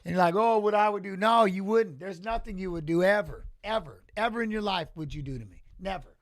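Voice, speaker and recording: Excitable high-voiced man streaming fight commentary. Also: brisk, dry recording, clean studio sound. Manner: excitable, rambling, talks back to chat. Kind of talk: live-stream watch-along commentary.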